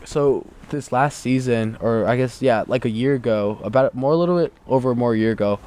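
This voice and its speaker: The recording carries a little hiss or hum under this young American man's mid-range, fairly quick voice. As a guest on the show, he tells an animated, casual story loaded with "like."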